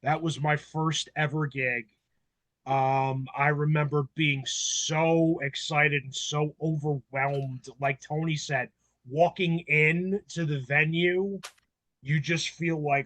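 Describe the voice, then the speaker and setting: A man in his forties on a panel, telling stories in a casual, animated way, acting out voices and swearing freely. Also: a little high, slow pace. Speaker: panel member. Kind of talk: casual storytelling chat.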